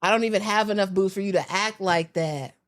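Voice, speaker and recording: An American woman, a podcast guest, telling stories in a lively, slangy, casual way. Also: mid-range voice, fairly quick. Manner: animated storyteller, slangy. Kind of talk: casual chat.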